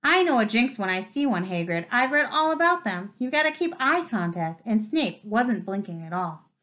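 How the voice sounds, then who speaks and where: A clever, bossy schoolgirl argues her point in a storybook reading, voiced by a woman reading aloud. Her high-ish voice stays earnest and insistent. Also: sing-song, moderate pace, sharp tone, rough recording.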